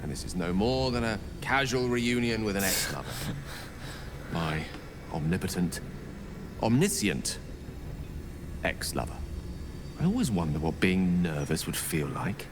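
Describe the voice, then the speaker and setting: A man's voice: low voice, very animated, unhurried, pauses often, noisy background. An actor playing a witty, self-mocking male wizard in a video game, talking in a wry, chatty way. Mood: nervous. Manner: wry, talkative, self-deprecating.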